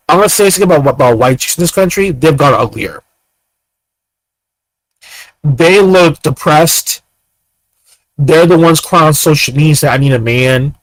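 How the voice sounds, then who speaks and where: A man host delivering an angry, profane, rapid ranting monologue. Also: a little high, lively intonation, no echo, poor audio.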